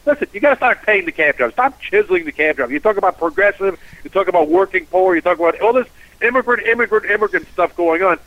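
A man, a cab driver, telling animated stories and acting out dialogue in casual radio chat. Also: high-pitched, fast talker, no echo, phone-quality sound. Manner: storytelling, animated, acts out dialogue.

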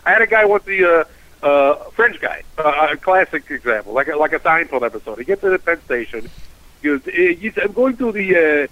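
A man, a cab driver, telling animated stories and acting out dialogue in casual radio chat. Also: fairly high pitch, fairly quick, highs cut off. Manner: storytelling, animated, acts out dialogue.

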